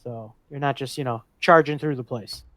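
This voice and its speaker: A man's voice: mid-range voice, fairly even intonation, moderate pace, bright, forceful tone, no room sound. A man playing a tabletop game, talking in an encouraging, casual way. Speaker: player.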